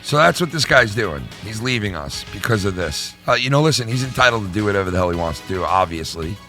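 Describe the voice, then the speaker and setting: Fast and animated, this middle-aged channel host speaks in a lowish, pushed, bright voice over faint background music. He's ranting to viewers in a heated way, cursing and going over the same points again and again.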